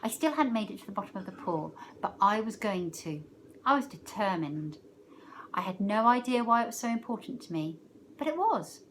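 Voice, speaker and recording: A woman teacher reading a novel aloud, expressive, letting her loudness rise and fall with the story. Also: mid-range voice, normal speed, a little hiss or hum.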